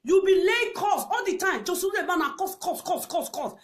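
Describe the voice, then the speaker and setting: A woman with a Nigerian accent delivers a heated rant in a very high voice. She scolds, repeats her points over and over, and breaks into shouts and laughter. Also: lively intonation, moderate pace. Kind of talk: angry ranting commentary.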